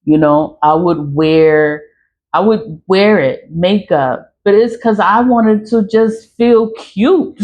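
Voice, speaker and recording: A woman's voice: mid-range voice, lively intonation, slow, lo-fi sound. A woman in her forties speaking frankly to her phone camera in a casual vlog rant, swearing and laughing often. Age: 40s. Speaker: online creator.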